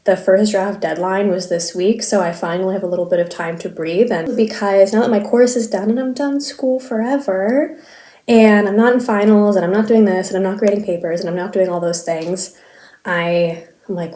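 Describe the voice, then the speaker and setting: A woman's voice: mid-range voice, steady tone, moderate pace, mellow. A woman of twenty-six, hosting a knitting podcast in a rambling, self-deprecating casual chat and laughing easily. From Canada. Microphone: filming herself on camera. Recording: echoey room.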